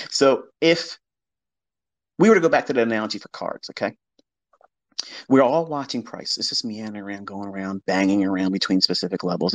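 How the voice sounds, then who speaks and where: On a rough recording, a man with a medium-pitched voice hosts an online audio space as a trading educator. He talks casually, bluntly and profanely, making fun of the doubters he quotes.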